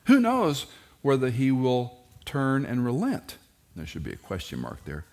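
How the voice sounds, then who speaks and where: A middle-aged man preaching a sermon, animated and joking, who jumps into high mock voices when quoting kids and parents. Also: a little slow, creaky. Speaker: pastor.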